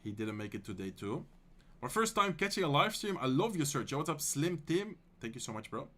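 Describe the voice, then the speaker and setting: A Dutch man streaming live, calling an esports match in English with a Dutch accent, then answering chat in a relaxed, friendly way. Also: a little high. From Netherlands. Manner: excited fast play-by-play calls that give way to relaxed, soft chat replies. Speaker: streamer and tournament caster.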